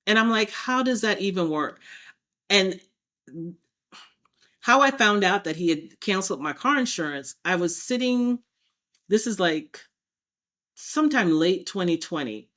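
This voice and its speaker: A woman's voice: mid-range voice, measured pace, long pauses. A woman as a podcast guest, telling her personal story and acting out past conversations as she goes. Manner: animated, acts out past exchanges in quotes.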